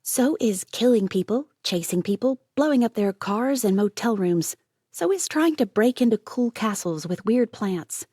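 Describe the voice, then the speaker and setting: A woman reading an audiobook, voicing a chatty, excitable young woman who rambles on in run-on bursts. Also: medium pitch, measured pace, no room sound, clean studio sound, voice pushed up, natural voice. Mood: defiant.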